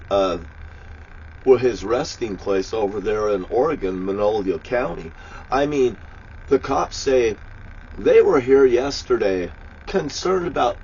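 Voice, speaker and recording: Man, low-pitched, ranting with constant swearing, erratic and loud; dull lo-fi recording with faint traffic behind. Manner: profane, shouting, erratic. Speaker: vlogger. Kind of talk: angry religious rant.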